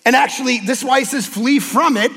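Gravelly high-voiced man preaching in a hall. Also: fast. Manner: impassioned, emphatic, bursts into shouting. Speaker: pastor. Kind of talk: sermon. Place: church sanctuary.

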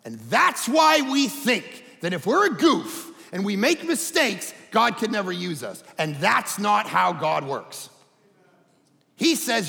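A middle-aged man preaching a sermon as pastor, telling stories animatedly with shouted quotes. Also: high voice, big pitch swings, slow, gravelly, long reverb tail. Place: church auditorium.

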